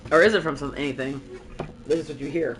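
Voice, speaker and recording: A woman's voice: sits low, fast, a little hiss or hum, poor audio. A woman streamer talking in a rambling, chatty way while she plays, swearing casually now and then. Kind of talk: casual gameplay chat.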